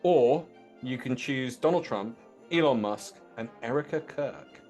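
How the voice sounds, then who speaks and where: A man's voice: mid-range voice, animated, a little slow, darkish tone, soft background music. Playful podcast host, man. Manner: playful, laughs often, sets up questions. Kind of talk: casual political chat.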